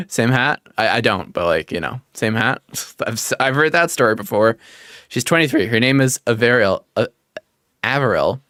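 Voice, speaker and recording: Man, mid-pitched voice, joking livestream host reading chat, dry close sound. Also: sing-song, moderate pace, a bit bright, dry recording. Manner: joking, teasing, reads chat aloud. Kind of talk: casual stream chat.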